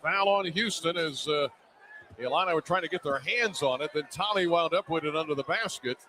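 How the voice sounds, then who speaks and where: A man announcing a basketball game play-by-play, quick and rising to excitement on big plays. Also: a little high, a little hiss or hum. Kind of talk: radio-style basketball play-by-play. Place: arena broadcast position.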